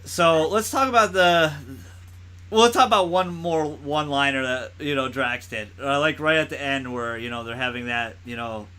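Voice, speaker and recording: A man's voice: a little high, fairly even intonation, moderate pace, bright, forceful tone, clear, resonant tone. A man co-hosting a podcast, rambling through a casual movie chat with lots of laughing and swearing. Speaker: podcast co-host.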